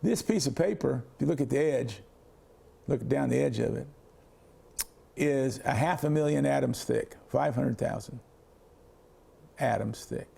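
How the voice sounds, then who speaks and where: An older man from Kansas, a science educator, telling lively anecdotes in an interview and acting out the voices of other people. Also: mid-range voice, unhurried, gravelly, long pauses, slightly rough. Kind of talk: storytelling in a retrospective interview.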